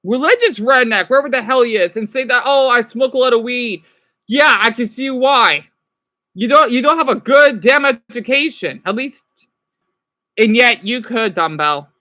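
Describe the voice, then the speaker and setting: A man's voice: extremely high pitch, expressive, normal speed, pushed and bright. A man ranting on a live stream, agitated, swearing often, stumbling over restarts and answering his chat. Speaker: livestreamer.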